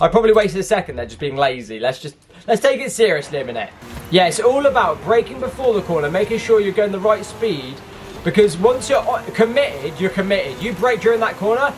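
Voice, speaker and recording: A man commenting on a racing game while he plays, excitable and quick to burst into frustrated shouts. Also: high-pitched, noisy background. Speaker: gaming YouTuber.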